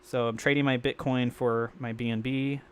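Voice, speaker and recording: A man hosting a crypto livestream, rambling and thinking out loud in an excitable way. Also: mid-range voice, moderate pace, a little hiss or hum. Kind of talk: live-streamed crypto commentary.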